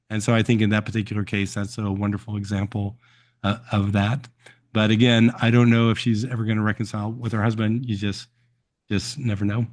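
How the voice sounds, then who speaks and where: Man telling stories with many ums. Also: on the low side. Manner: relaxed storytelling with frequent ums and uhs. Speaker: host answering viewer questions. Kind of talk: live-stream question and answer.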